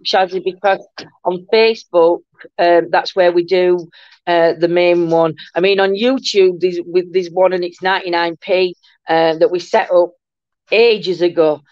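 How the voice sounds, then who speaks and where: A woman's voice: on the low side, darkish tone, no echo. Chatty older woman livestream host. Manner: chatty, greets viewers with endearments, giggly. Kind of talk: casual live chat reading comments. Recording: muffled lo-fi dry room sound.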